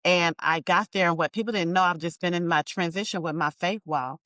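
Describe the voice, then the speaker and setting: A woman entrepreneur, a guest on an interview, telling her story in an emphatic, animated way and calling listeners y'all. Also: on the low side, fairly quick, no echo.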